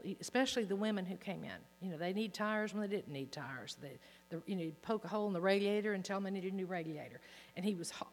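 Reading Bible passages aloud with emphasis, a woman teaches in an earnest manner. The recording takes place in a hall and carries a low mains hum.

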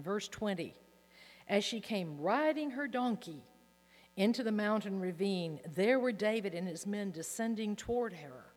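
A woman teaching from the Bible in an earnest way, reading passages aloud with emphasis, recorded in a hall with a low mains hum.

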